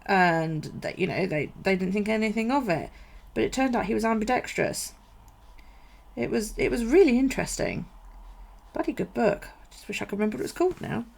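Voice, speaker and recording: A woman's voice: mid-range voice, lively intonation, a little fast, vocal fry. A woman in her thirties chatting casually and swearing freely during a live stream, answering viewers as she talks. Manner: chatty, sweary, laughs a lot, reads and answers viewer comments. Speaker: bullet journal vlogger.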